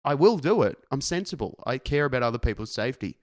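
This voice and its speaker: A man's voice: mid-range voice, very animated, fast, no room sound. A man, co-hosting a casual podcast and ranting bluntly with lots of swearing. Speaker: podcast co-host. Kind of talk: casual chat.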